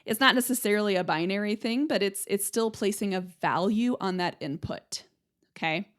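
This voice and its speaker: A young woman hosts an educational podcast in a casual, chatty way. Her voice sits in a middle pitch, and she keeps checking in with her listeners as she explains. She teaches in a friendly, conversational manner. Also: normal speed. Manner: chatty, explains with analogies, checks in with "right?" and "okay?". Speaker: podcast host, speech-language pathologist.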